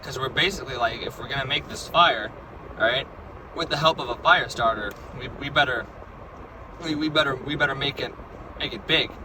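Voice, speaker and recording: A man's voice: mid-range voice, normal speed. A man casually telling a dream, rambling and filling his talk with like and right?. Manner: rambling, full of likes and right?s. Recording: distant mic, loud background noise.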